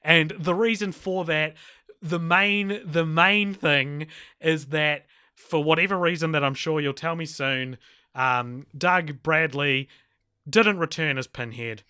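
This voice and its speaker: A man's voice: a little high, slow pace, smooth, dry recording, studio quality. A man co-hosting a podcast, rambling through a casual film review with frequent laughs. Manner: animated, rambling, laughs often. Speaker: podcast co-host.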